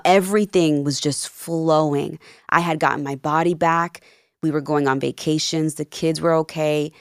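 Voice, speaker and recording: A woman in her thirties with a notably low voice tells her story in a casual interview. She acts out each quoted exchange with lively emphasis. The sound is dry and close. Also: vocal fry, dry recording. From Peru and New Jersey. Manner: animated, acts out quoted dialogue. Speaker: podcast guest, life coach.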